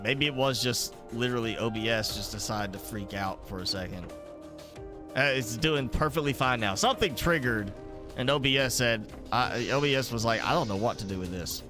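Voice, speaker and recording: A man with a mild Southern American accent, chatting casually while streaming a game, thinking aloud with lots of fillers. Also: on the low side. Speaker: gaming streamer. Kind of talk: casual live gameplay commentary.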